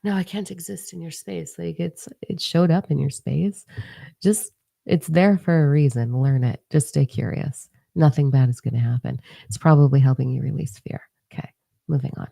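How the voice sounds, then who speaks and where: Woman, young adult, low gravelly voice, dry close mic; blunt, swearing livestream host reading cards for chat. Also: moderate pace, no echo. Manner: blunt, profane, animated, talks to chat viewers. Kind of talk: casual livestream chat, tarot-style reading.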